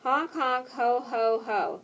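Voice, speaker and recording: A woman's voice: on the high side, takes it slowly, far from the mic. A woman reading aloud as a noisy male gander who honks and mocks. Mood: mocking. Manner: honking, mocking. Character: loud mocking male gander.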